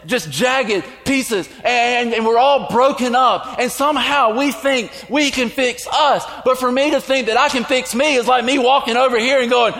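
High-voiced preacher in an echoing hall. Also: male voice, normal speed, hardly any pauses. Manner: emphatic, with sudden shouted lines. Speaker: pastor. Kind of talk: sermon. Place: church sanctuary. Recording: echoey church hall.

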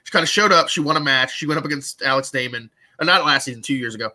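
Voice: mid-range voice, fast talker, sharp tone. A co-host on a casual livestream, gushing with enthusiasm and laughing between words.

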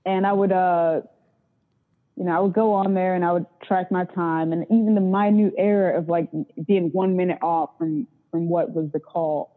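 A woman's voice: lowish voice, fairly even intonation, moderate pace. A woman telling candid stories about her work in a blunt, profane way. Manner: blunt and profane, acts out callers' voices. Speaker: interview guest, phone sex worker. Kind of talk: candid casual storytelling. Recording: tinny phone-like sound.

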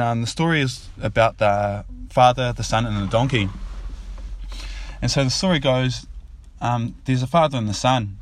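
A man, a father casually telling a fable and its lesson in a loose, rambling way. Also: mid-range voice. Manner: rambling, repeats himself, loose and informal. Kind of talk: casual spoken storytelling.

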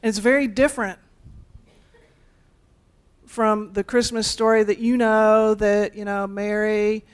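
A woman's voice: mid-range voice, little pitch movement, unhurried, long pauses, clear, resonant tone. Woman pastor giving a conversational sermon with a playful touch. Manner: conversational, playful asides to the congregation.

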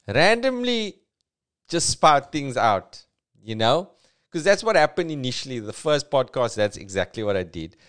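A middle-aged man rambling through a joking solo podcast, self-mocking and jumping between mumbles and loud bursts. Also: mid-range voice, sing-song, moderate pace. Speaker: podcast host. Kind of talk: solo comedic podcast monologue.

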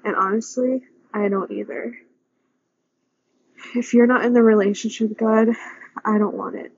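A young woman speaking an earnest, pleading personal prayer with a breathy voice. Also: medium pitch, fairly even intonation, a little slow, dry recording, highs cut off. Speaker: vlogger praying aloud.

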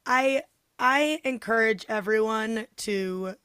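A young woman co-hosting a podcast in casual chat, animated, acting out quoted voices and swearing freely. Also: on the high side, slow pace, clean tone, no echo. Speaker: podcast co-host.

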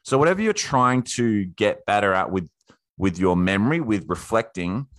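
A man giving casual self-improvement tips in a rambling, energetic way, swearing now and then. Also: lowish voice, normal speed, dry recording. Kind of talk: casual live talk. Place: indoors.

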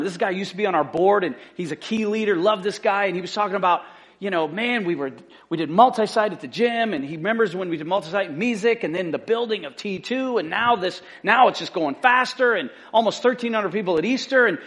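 A middle-aged man preaching a sermon as lead pastor, fervent and emphatic, repeating key phrases and swinging from loud excited bursts to quiet asides. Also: a little fast. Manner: fervent, emphatic repetition, rising to excited outbursts then dropping low.

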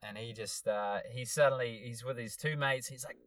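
A young man co-hosting a podcast, telling an animated story with plenty of swearing and acted-out quotes. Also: mid-range voice, moderate pace. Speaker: podcast co-host. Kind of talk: casual chat, storytelling.

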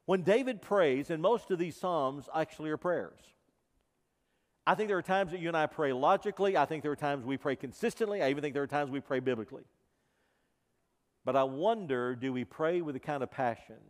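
Male pastor, sermon delivery, fervent then hushed, slightly high voice, long reverb of a sanctuary. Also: lively intonation, fairly quick. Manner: impassioned, swinging from loud emphasis to quiet intensity. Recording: reverberant hall.

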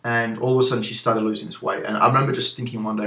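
A former gym owner, interviewed as a guest, talks candidly and reflectively in a casual chat full of fillers and restarts. His mid-range voice is sharp in tone, very fast, and shows little pitch movement, recorded in an echoey room.

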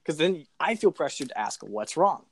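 A man's voice: a little high, very animated, moderate pace, creaky, slight background noise. A young man co-hosting a casual podcast, rambling with lots of hesitant fillers. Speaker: podcast co-host.

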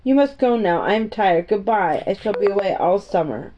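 A woman voicing a weary, melancholy gentleman guardian who speaks in a distracted, absent-minded way. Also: medium pitch, animated, normal speed, slight background noise, natural voice. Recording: dull, muffled audio.

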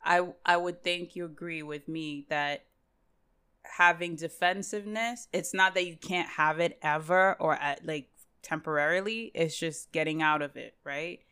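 A woman's voice: sits low, steady tone, measured pace, pushed and bright, clean tone. A woman co-hosting a podcast in casual chat, asking questions and steering the conversation. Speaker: podcast co-host.

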